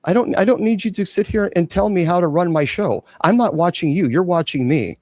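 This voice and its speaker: A clergyman hosting his own show speaks casually and defiantly to viewers about online trolls in a livestream-style chat. His voice is high, brisk and slightly mellow, recorded dry.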